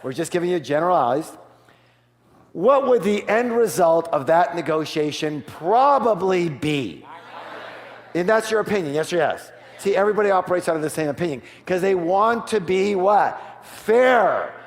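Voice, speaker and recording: A man giving an energetic sales seminar, asking the audience for call-and-response and switching to a soft, quiet voice to act out offers. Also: high voice, moderate pace, gravelly. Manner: drops to a soft, quiet voice for role-played offers. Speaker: seminar speaker. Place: large hall with a live audience. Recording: long hall reverb.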